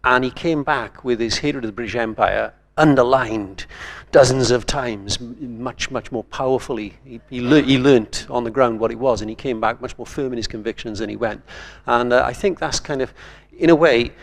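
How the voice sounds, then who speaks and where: Older guy on a writers panel, gravelly voice, rambles thoughtfully through stories. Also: mid-range voice, moderate pace. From Wales. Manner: thoughtful, digressive storytelling. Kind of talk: conference panel discussion.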